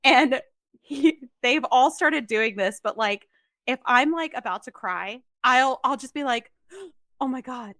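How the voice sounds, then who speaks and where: A woman's voice: high voice, animated, a little slow, pushed and bright, no room sound, clean studio sound. A woman co-hosting a podcast in casual chat, retelling family moments expressively and laughing easily. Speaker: podcast co-host.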